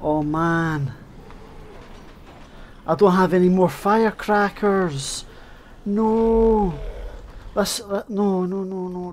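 A man playing through a horror game and commenting as he goes, with a high voice and an unhurried delivery. He swears a lot and yells at the enemies. Faint noise sits under his voice. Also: creaky. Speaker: let's play gamer. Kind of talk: gameplay commentary.

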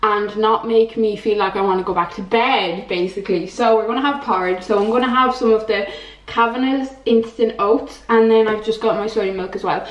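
A woman's voice: mid-range voice, fairly even intonation, moderate pace, muffled recording, slight background noise. Chatty Irish woman in a roomy kitchen. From Ireland. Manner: chatty, rambling, full of "like" and "you know". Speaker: lifestyle vlogger. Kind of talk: casual chat to camera. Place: home kitchen.

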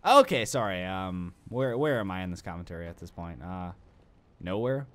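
A man's voice: low-pitched, lively intonation, moderate pace. Rambling young man doing game commentary. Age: young adult. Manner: rambling, self-mocking, talks to the game. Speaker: let's play commentator. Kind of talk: gaming commentary.

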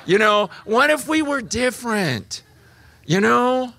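A man preaching a sermon, moving between hushed, slow passages and animated, emphatic stretches. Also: extremely high pitch, creaky. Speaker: pastor.

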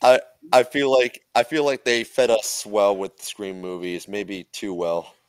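A man's voice: fairly low pitch, steady tone, unhurried, clean tone, dry recording. A man making wry, joking asides in casual podcast chat.

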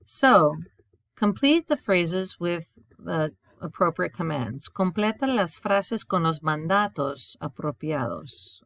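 A woman teacher walks through grammar rules at a slow, patient pace and often repeats her examples. Her voice sits a little low, and the recording is close and dry, with no room sound. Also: fairly bright tone, no echo. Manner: explains step by step, repeats rhymes, often asks "right?". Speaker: Spanish teacher.

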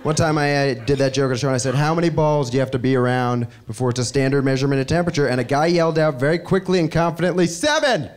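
A man performs stand-up in a live club with a dry storytelling manner. He talks fast in a middle-pitched voice. Audience noise fills the room. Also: fairly even intonation. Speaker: stand-up comedian. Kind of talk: stand-up comedy.

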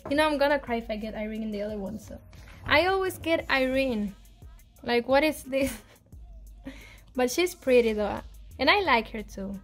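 A woman chatting casually as she unboxes albums, excitable and pleading, laughing often, with faint music behind. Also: high voice, measured pace, long pauses. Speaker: vlogger.

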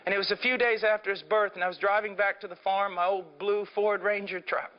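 Middle-aged man, preacher, high-pitched, intense sermon delivery; muffled lo-fi sermon tape. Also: fairly even intonation, brisk. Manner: impassioned, swinging from hushed to shouting. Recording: dull lo-fi sermon recording.

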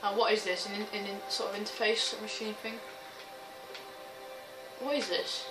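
A woman giving excitable let's-play commentary, swearing, shrieking and laughing often. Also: mid-range voice, normal speed. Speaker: gaming video host. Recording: roomy, distant mic with game music. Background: game music and sounds.

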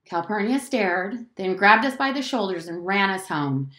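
A woman teacher reads a novel aloud with a lively, expressive lilt. Her voice sits at a middle pitch, and the room around her is echoey. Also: normal speed. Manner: expressive storytelling.

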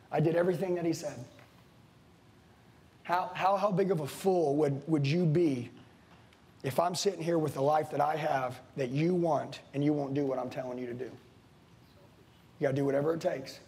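A man with a high-pitched voice delivers a fired-up sales seminar. He is blunt and preachy, swears casually, and keeps turning to the crowd in front of him. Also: darkish tone. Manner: intense, preachy, swears casually, addresses the room directly. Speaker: sales trainer. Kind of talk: motivational seminar speech. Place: room with a live audience.

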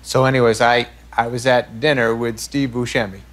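A man's voice: medium pitch, flat delivery, moderate pace, a bit bright. A man telling a comic anecdote as a talk show guest. He rambles, stammers and restarts, and laughs through his own story. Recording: played-back talk show clip with studio audience.

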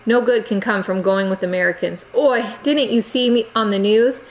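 A woman's voice: medium pitch, normal speed, lightly acted, rough recording. A woman voicing a stern scolding aunt. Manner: reproachful, lecturing.

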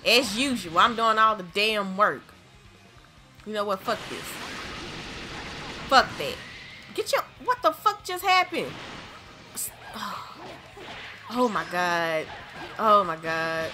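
A woman's voice: medium pitch, sing-song, takes it slowly, long pauses, bright, forceful tone, faint music behind. A young adult woman hosting a gaming channel, giving frustrated gameplay commentary full of swearing and exasperated outbursts.

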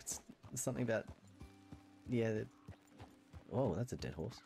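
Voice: mid-range voice, very animated, moderate pace, long pauses, a little mellow, faint music behind. An Australian streamer chatting casually during a roleplay game stream, laughing often and swearing freely.

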